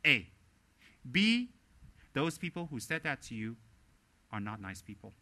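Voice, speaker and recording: A man's voice: medium pitch, unhurried. A man giving a dharma teaching as a Buddhist teacher, emphatic and sarcastic, firing off rhetorical questions. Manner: lively and sarcastic.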